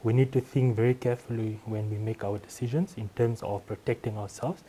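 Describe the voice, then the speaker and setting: A male ICU doctor on a panel, calmly giving advice. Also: mid-range voice, brisk, a little hiss or hum. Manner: calm, advising. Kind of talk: panel discussion.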